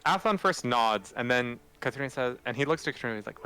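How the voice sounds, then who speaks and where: A man's voice: mid-range voice, animated, quick pace, pushed and bright. A man narrating as game master in a loose, casual way.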